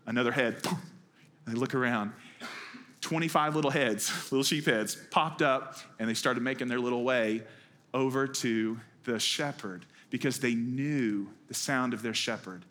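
A man, an executive pastor, delivering a sermon in a relaxed, conversational way, telling stories with wry humor. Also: mid-range voice, moderate pace. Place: church.

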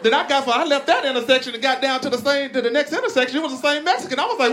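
A man's voice: very fast, few pauses. Southern guy doing standup, swoops way up into silly voices, lots of crowd laughs and room noise. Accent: Southern American. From Arkansas, USA. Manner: animated, profane storytelling with big pitch swings into voiced characters. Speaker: stand-up comedian. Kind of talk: stand-up comedy set. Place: large live comedy venue with laughing audience.

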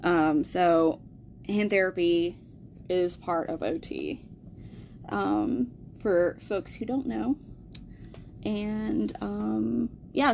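Woman, young adult, podcast host, casual storytelling, candid, swears a lot, laughs at dark details, mid pitch. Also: vocal fry, slight background noise.

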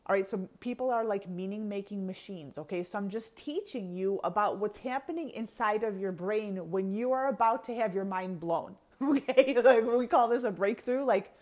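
Chatty woman coach teaching with laughs. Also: medium pitch. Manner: chatty, laughs often, animated with filler "okay"s. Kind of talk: teaching talk to an online audience.

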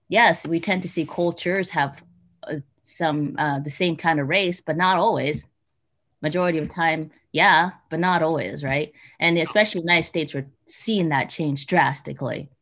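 A woman calmly explaining her view in a casual interview, emphatic and a little lecturing. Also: lowish voice. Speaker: interview guest. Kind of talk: casual conversation. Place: Utah.

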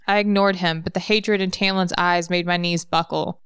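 A woman reading a fantasy novel aloud in a measured, even narration. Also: on the low side, clean tone, no echo, clean studio sound. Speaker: reader.

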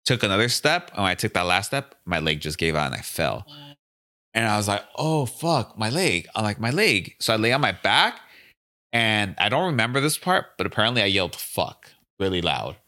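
A young adult man with a fairly low voice and a bright, forceful edge to his tone. He tells his story in a relaxed, profane way. He slips into quick impressions of the people he quotes. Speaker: podcast guest, gym owner. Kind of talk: casual storytelling.

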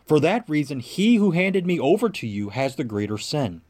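A man reading the calm, measured answer of a male prophet before a judge. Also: a little high.

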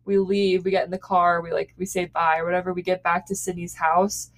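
A woman's voice: lowish voice, level tone, a little fast. A young woman co-hosting a casual chat, giggly and full of "like" fillers as she tells embarrassing stories. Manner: giggly, lots of "like" fillers, storytelling. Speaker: podcast co-host.

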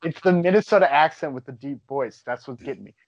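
A man's voice: on the high side, dry recording, highs cut off. A man co-hosting a casual chat, joking and laughing often. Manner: jokey, laughs often, quick asides. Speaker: podcast co-host.

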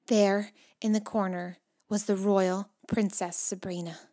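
A woman narrating a children's storybook, moving between hushed whispers and excited, louder passages. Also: mid-range voice, a little slow. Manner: expressive, shifts between hushed whispers and loud excited calls.

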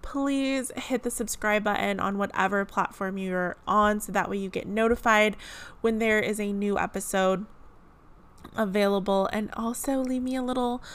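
A woman's voice: mid-range voice, fairly even intonation, normal speed, fairly bright tone, clear, resonant tone. A woman hosting her own podcast, chatting casually and giggling often, with plenty of fillers. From California. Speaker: podcast host. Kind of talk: casual chat.

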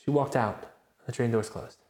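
Male pastor, mid-range voice, animated self-deprecating preacher, roomy church acoustics. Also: mid-range voice, moderate pace. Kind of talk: sermon with personal story.

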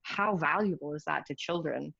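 A woman's voice: low-pitched, normal speed, creaky, a bit bright, husky, no echo, lo-fi sound. A woman interviewer asking questions and giving short affirmations in a casual chat.

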